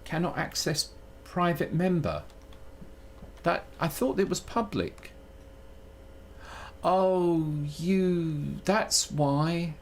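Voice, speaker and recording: A man live-streaming his programming work, muttering through the code in an unhurried, halting way. His pitch moves around expressively, rising and dipping as he works things out, and he often cuts himself off mid-thought. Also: animated, a little hiss or hum. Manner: halting, self-interrupting, muttering while working. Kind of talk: live coding stream, thinking aloud.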